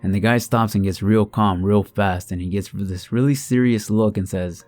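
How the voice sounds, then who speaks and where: Deep-voiced man narrating horror stories. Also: fairly even intonation, moderate pace, few pauses. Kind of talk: reading submitted true scary stories aloud. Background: soft background music.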